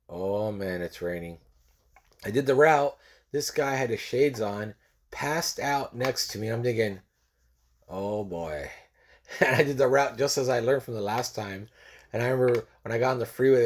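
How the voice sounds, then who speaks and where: A man in his forties from California tells a personal story in a lowish voice and a casual manner. He repeats phrases and acts out the people he quotes.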